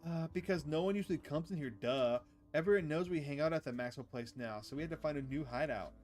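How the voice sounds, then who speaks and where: A man's voice: fairly high pitch, fast, a little mellow, faint music behind, close to an everyday voice. A man reading the lines of a rebellious teenage girl in a visual novel, in a snarky, eye-rolling way.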